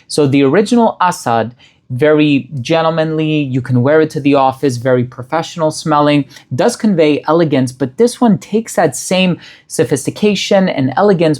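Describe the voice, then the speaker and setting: A man reviewing a fragrance in a casual product-review style, describing scent notes in a measured, appreciative way. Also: mid-range voice, darkish tone.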